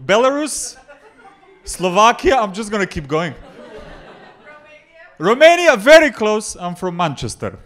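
A young Macedonian man with a Macedonian accent performing a stand-up comedy set in a club, mixing deadpan jokes with crowd work. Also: sits high, measured pace. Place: comedy club before a live audience.

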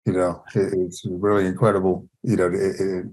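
Deep husky podcast host. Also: male voice, flat delivery, moderate pace, darkish tone. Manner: casual, enthusiastic, says "man" often. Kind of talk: casual conversation.

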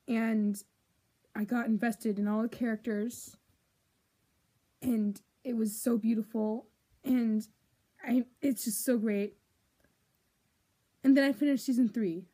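A woman's voice: fairly high pitch, fairly even intonation, slow, pauses often, dark tone. A young woman vlogging to her camera in a dramatic, gushing way, swinging between whiny outbursts and whispers. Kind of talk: casual confessional vlog.

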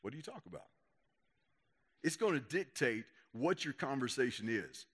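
A man's voice: mid-range voice, sing-song, moderate pace, husky. A young man, a youth pastor giving a folksy, conversational sermon. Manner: folksy, conversational, acts out quotes. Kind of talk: casual sermon to young people.

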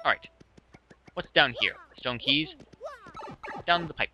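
A man's voice: a little high, animated, slow pace, lo-fi sound, background noise. A man giving casual let's-play commentary with dry, joking asides.

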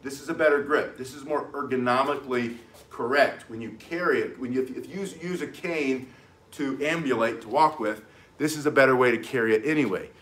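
A man's voice: medium pitch, fairly quick, fairly bright tone, a little hiss or hum. A man teaching cane self-defense, talking intensely while he demonstrates the moves. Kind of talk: demonstration lesson.

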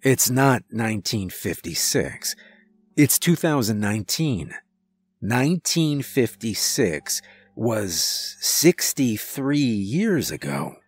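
A man voicing a calm, compassionate police chief who speaks softly and gently. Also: medium pitch, breathy edge, no room sound, faint music behind, heavily acted. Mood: gentle. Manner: soft, gentle, measured.

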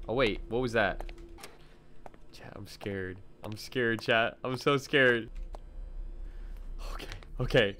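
A young man doing gaming commentary to his chat, loud, excitable, slangy and quick to laugh. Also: medium pitch, a little hiss or hum. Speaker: gaming YouTuber. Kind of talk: let's-play commentary.

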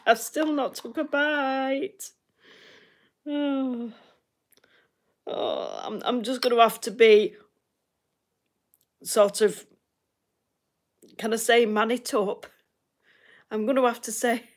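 Northern English woman, livestream host, chatty and giggly, unhurried talk. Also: mid-range voice. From north of England. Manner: chatty, laughs often, repeats herself. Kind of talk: casual livestream chat with viewers.

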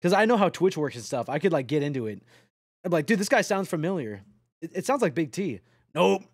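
Young streamer guy, lively up-and-down voice, rambly and swears a lot, dry close mic. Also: on the high side, quick pace, husky, no echo. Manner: rambling, joking, swearing, talks to chat. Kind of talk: casual live-stream chatter while playing a trucking game.

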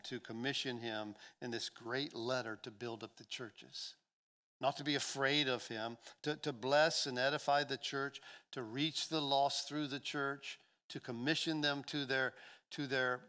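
A man's voice: medium pitch, a bit bright. Impassioned male pastor preaching. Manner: impassioned, repeats words as he builds. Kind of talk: sermon.

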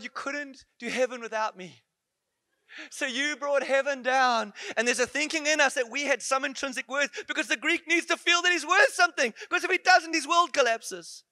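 A man preaching a conference sermon in a church, animated and playful, full of rhetorical questions and asides. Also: very high voice, no echo.

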